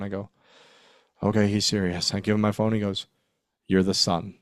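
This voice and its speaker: A man's voice: fairly low pitch, brisk, no room sound, studio quality. A man in his forties, a former wrestler, telling backstage stories in a casual interview, acting out quotes and laughing often. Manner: animated storyteller, acts out quotes, laughs often.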